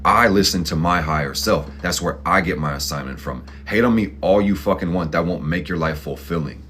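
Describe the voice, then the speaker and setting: This astrology and tarot channel host has a deep, fairly bright voice and speaks fairly quickly, with a little hiss or hum audible. His casual, motivational tarot reading comes as a blunt pep talk, profane and thick with slang.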